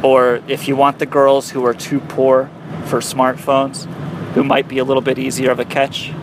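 A man's voice: mid-range voice, monotone, normal speed, noisy background. A young man doing a rambling, profane comic monologue from his car, mocking himself as he goes. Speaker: comedian. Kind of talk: comic monologue recorded while driving. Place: in a car on a highway.

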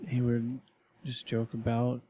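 A man's voice: mid-range voice, completely flat delivery, slow, warm tone, highs cut off, a little hiss or hum. A man telling a story in casual podcast chat, rambling and restarting often with lots of fillers.

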